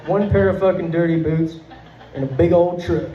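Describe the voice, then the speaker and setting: A man's voice: fairly high pitch, fairly even intonation, normal speed, noisy background. A young man performing a stand-up comedy set on a club stage into a handheld mic, rambling and profane, full of fillers, laughing through his lines. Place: comedy club stage before a live audience. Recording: roomy, dull club recording.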